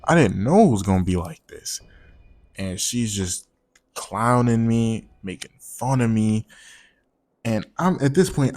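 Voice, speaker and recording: A man's voice: medium pitch, darkish tone. A man telling a personal story in a casual storytime monologue, slangy and profane, rambling and repeating words.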